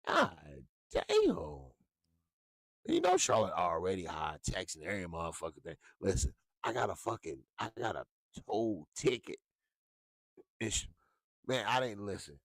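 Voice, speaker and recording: A very deep-voiced man hosts a casual talk show, cursing freely as he rants. His delivery swoops widely in pitch, jumping into sudden high yelps. The sound is close and dry, with no room around it. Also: a little slow, no room sound. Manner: profane, animated, swings into yelps. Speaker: show host.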